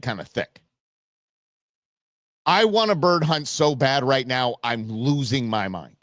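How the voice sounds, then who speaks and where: A man hosting a live stream, telling a story in a chatty, expressive way. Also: mid-range voice, dry recording, clean studio sound. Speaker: livestream show host. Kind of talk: casual livestream chat.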